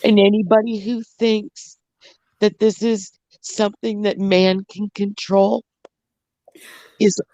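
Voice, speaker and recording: A woman from Canada who joined the stream, talking in a calm, reassuring way to a friend. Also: medium pitch, slow pace, long pauses, dry recording. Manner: reassuring, comforting.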